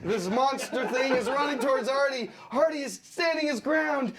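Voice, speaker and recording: A man pitching a storyboard scene, animated and laughing as he acts out voices and sound effects. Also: moderate pace, a loud crowd.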